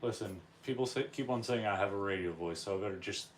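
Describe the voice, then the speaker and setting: A man's voice: lowish voice, quick pace, recorded from a distance, a little hiss or hum. A man co-hosting a live auction stream, bantering playfully and echoing the bid calls. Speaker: co-host.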